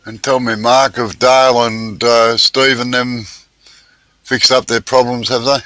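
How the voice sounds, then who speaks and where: A man hosting a casual live stream chat, easygoing and quick to laugh, talking over a video call. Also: medium pitch, level tone, sharp tone, dry recording.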